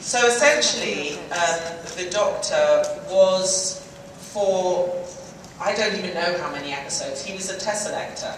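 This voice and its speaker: A woman's voice: on the low side, expressive, unhurried. A woman answering fan questions as a guest actress, chatty and laughing, often breaking off mid-sentence. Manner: chatty, laughing, self-interrupting. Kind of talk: fan convention Q&A. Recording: echoey hall recorded from far off with noise.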